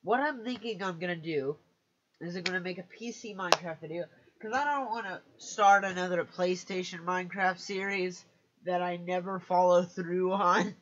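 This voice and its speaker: A man's voice: sits high, normal speed, fairly bright tone, dull audio. A man chatting casually on a live stream, hesitant and self-mocking, often restarting his sentences.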